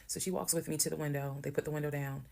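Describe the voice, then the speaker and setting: A woman's voice: sits low, fairly even intonation, fast, creaky, a little mellow. A woman telling a personal story in a casual, blunt, conversational way, cursing now and then. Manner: conversational, blunt, swears while retelling.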